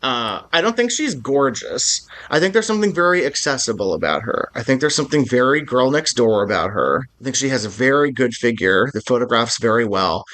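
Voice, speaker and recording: A man's voice: mid-range voice, expressive, fairly quick, few pauses, fairly bright tone. Rambling, enthusiastic man podcast co-host. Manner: enthusiastic, rambling, many self-restarts. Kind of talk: casual film-discussion chat.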